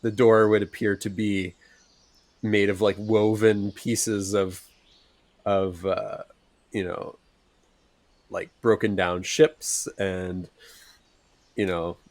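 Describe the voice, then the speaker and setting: A man narrating as game master in a tabletop game, halting and laughing often. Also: on the low side, flat delivery, a little mellow, no echo. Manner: halting, many restarts and laughs.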